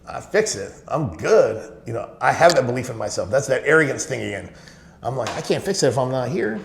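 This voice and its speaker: A man's voice: medium pitch, sing-song, a little fast, gravelly. A middle-aged man from the Middle East, a podcast guest telling stories in an emphatic way and repeating short phrases. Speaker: guest, real estate owner. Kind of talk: casual interview storytelling. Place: podcast studio. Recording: roomy studio echo.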